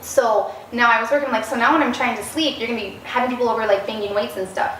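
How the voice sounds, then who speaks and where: A woman's voice: a little high, fairly even intonation, fast, fairly bright tone. A woman guest in a casual interview, telling stories animatedly and acting out the quoted dialogue. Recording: roomy, distant mic, faint noise.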